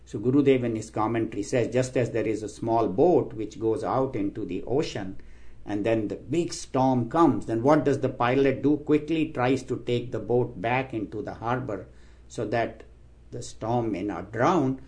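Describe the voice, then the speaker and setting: A man's voice: normal speed, a little mellow. Man giving a storytelling sermon. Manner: storytelling, acts out quoted voices with rising pitch. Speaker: spiritual teacher. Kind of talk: sermon with stories and jokes.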